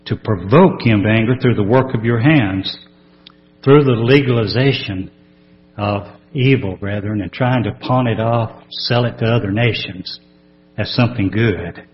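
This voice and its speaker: A man's voice: on the low side, unhurried, slight background noise. A man preaching a sermon, reading scripture aloud with earnest, emphatic rises. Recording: dull lo-fi sermon recording.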